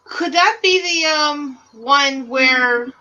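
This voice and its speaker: A woman's voice: high voice, takes it slowly, muffled recording, noisy background. A woman co-hosting a radio talk show, teasing her co-host in a playful way. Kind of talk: casual chat.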